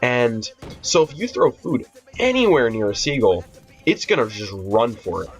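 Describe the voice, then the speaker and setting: A man's voice: medium pitch, very animated, moderate pace. A teenage boy telling a rambling, profane storytime vlog, full of fillers and restarts. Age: teens. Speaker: vlogger. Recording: dull lo-fi audio with faint music.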